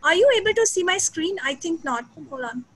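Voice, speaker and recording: A woman giving a fast, energetic online lecture to teachers over a video call. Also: extremely high pitch, poor audio. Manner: fast, energetic, emphatic delivery. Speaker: guest lecturer. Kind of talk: online teacher training talk.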